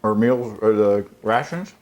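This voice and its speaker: A man's voice: on the low side, expressive, measured pace. A man co-hosting a homebrewing show, chatting casually and joking a lot. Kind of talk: casual chat.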